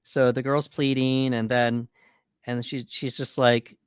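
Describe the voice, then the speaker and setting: A man's voice: medium pitch, flat delivery, a little slow, smooth, dry recording, clean studio sound. A man co-hosting a podcast, casually walking through a horror movie in a laid-back way with lots of fillers. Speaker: podcast co-host. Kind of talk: casual movie breakdown chat.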